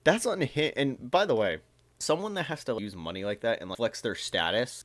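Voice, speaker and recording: A man's voice: medium pitch, expressive, moderate pace, no room sound. A man reading texts aloud and commenting on them in a casual, amused reaction video.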